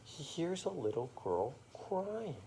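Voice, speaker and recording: A man improvising a bedtime story aloud, playful and rhyming, pausing now and then to make up details with fillers. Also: fairly high pitch, sing-song, dark tone, a little hiss or hum.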